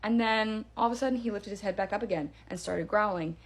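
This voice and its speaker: A woman casually telling a true scary story about a night in her parents' backyard, with lots of fillers and vivid, animated retelling. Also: medium pitch, quick pace. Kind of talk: casual first-person ghost story.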